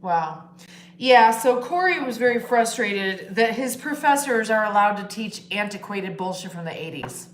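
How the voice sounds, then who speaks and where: A woman's voice: mid-range voice, lively intonation, normal speed, slight background noise. A woman hosting a casual livestream, talking bluntly and swearing freely as she shares her opinions at home. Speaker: livestream host. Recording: roomy echo.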